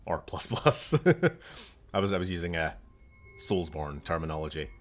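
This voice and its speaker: A man's voice: low voice, fairly even intonation, normal speed, fairly bright tone, soft background music. A young Scottish man chatting casually and jokily while streaming a game, swearing now and then.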